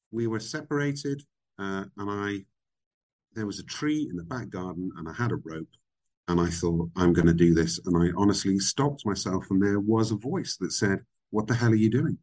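Earnest, halting middle-aged man. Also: on the low side, darkish tone. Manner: earnest, halting, with frequent ums and restarts. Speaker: guest. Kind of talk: personal recovery testimony in an interview.

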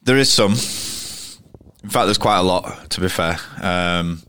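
His low voice takes its time, a bit bright and clean, with no echo. In a pub interview, the Yorkshire-accented cricketer guest rambles through blunt, casual stories, restarting again and again.

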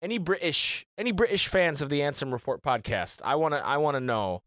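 A man's voice: a little high, brisk, no room sound, clean studio sound. A man hosting a podcast in casual chat, joking and swearing as he talks. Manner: animated, swearing, mimics singers. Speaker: podcast host.

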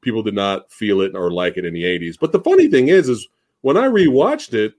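A man hosting a podcast, chatting casually and excitedly about a movie, swearing freely and restarting his sentences. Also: on the low side, fairly quick. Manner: excited, profane, lots of fillers and restarts. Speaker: podcast host. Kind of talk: casual chat.

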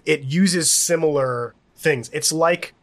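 A man co-hosting a casual TV recap podcast, rambling and animated, laughing often. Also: a little high, slow. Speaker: podcast co-host.

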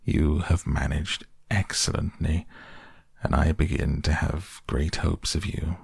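A man voicing a wise old male badger who speaks in a dry, quiet way. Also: very deep voice, unhurried, creaky, breathy edge, no echo, full character voice. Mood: approving.

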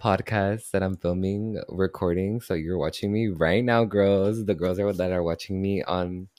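A man hosting a casual podcast chat, excitable and slangy, cursing freely and hungover. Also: low voice, moderate pace, dry recording, clean studio sound. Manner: excitable, slangy, swears a lot, mixes in Spanish. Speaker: podcast host. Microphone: podcast microphone.

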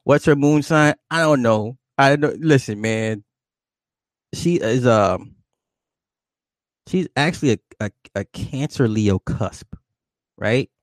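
A man hosting a livestream, answering viewers' questions in a loose, profane, rambling way and jumping up in pitch when he greets people. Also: expressive, takes it slowly, long pauses, no echo. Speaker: livestream host reading chat. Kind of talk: casual livestream chat.

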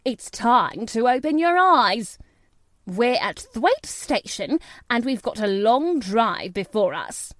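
A woman voicing a brisk, matter-of-fact middle-aged housekeeper in an audiobook. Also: fairly high pitch, big pitch swings, fairly bright tone, no room sound, full character voice.

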